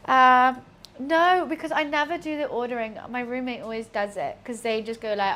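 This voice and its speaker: A woman's voice: on the high side, normal speed, fairly bright tone. Chatty young woman cooking. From Britain. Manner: chatty and self-deprecating, rambling with fillers. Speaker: cooking streamer. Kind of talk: casual chat while cooking. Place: home kitchen.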